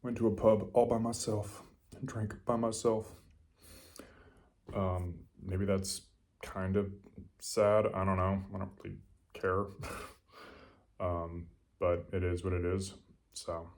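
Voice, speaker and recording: A tipsy American man talks low into his camera late at night, rambling and profane. His voice sits deep, and he keeps it hushed and offhand. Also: little pitch movement, takes it slowly, long pauses. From Los Angeles. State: a little drunk. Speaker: vlogger.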